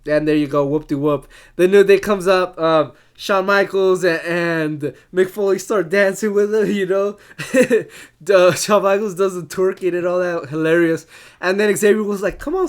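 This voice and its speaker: A casual reviewer ranting in an exasperated way, laughing often and swearing freely. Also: medium pitch. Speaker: wrestling show reviewer.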